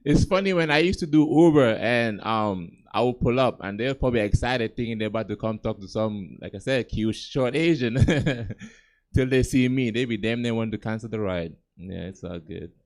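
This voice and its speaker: Holding a mic at a comedy club, a young man from Gambia does a relaxed, chatty stand-up set and laughs at his own jokes. He speaks at a moderate pace in a mid-range voice with a darkish tone.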